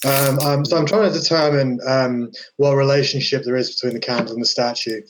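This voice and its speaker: A man's voice: mid-range voice, steady tone, brisk, fairly bright tone, a little hiss or hum, rough recording. A man playing in a tabletop game, chatting in a laid-back, joking way and swearing casually. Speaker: player.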